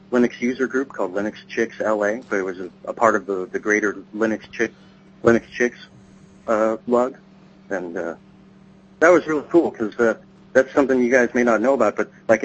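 A man's voice: lowish voice, a bit bright. A man co-hosting a podcast, chatting casually and telling long rambling stories. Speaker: podcast co-host. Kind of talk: casual chat. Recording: dull lo-fi sound with faint hum.

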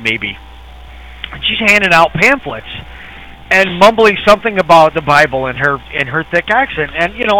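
A man's voice: on the high side, bright, forceful tone, slight background noise, poor audio. A middle-aged man co-hosting a casual chat, rambling and sarcastic, chuckling as he tells stories. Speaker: podcast co-host.

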